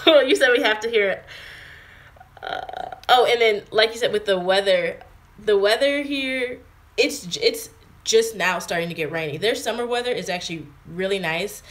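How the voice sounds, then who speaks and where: Speaking at a normal speed with a medium, slightly bright voice, this American vlogger in her twenties chats on a livestream. Indoors at her home in England, she reads out viewer comments and replies casually, using lots of fillers.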